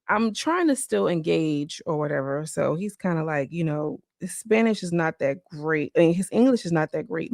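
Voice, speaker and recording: A woman talks to her live-stream viewers from home in a loose, rambling way, peppering every thought with "like." Her voice sits on the low side with a gravelly, fry-laden edge. The sound is dry and close, with no room echo. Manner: rambling, loose, full of "like" fillers. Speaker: livestreamer. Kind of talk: casual live-stream chat.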